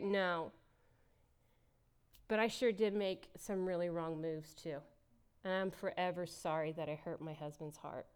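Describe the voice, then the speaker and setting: A woman's voice: fairly low pitch, fairly even intonation, normal speed, smooth. A middle-aged woman giving a candid, emotional personal testimony as a church speaker, laughing often as she talks.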